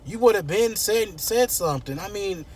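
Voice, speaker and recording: A man voicing a hurt, angry young woman speaking in raised, halting accusations. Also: high-pitched, animated, slight background noise, voice pushed up. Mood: accusing.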